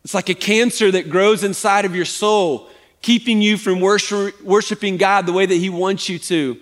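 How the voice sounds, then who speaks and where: A man preaching a sermon as pastor, conversational and animated, often asking his congregation "right?". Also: high voice, moderate pace. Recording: long hall reverb.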